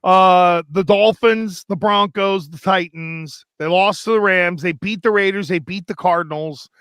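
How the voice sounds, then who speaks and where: A man co-hosting a sports talk show, telling stories in an animated, run-on way. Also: sits high, smooth, no room sound. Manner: animated storytelling, rapid, run-on. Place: studio.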